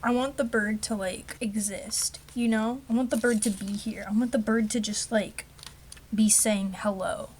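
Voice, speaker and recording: A woman's voice: mid-range voice, fairly even intonation, normal speed, darkish tone, a little hiss or hum. A young woman rambling to herself in a casual craft vlog, chatty and self-mocking. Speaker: vlogger.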